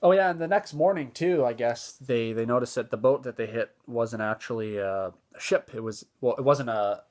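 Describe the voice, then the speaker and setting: A man's voice: mid-range voice, moderate pace, darkish tone. A man giving a casual spoken movie review, easygoing and enthusiastic, with a loose retelling full of fillers and restarts.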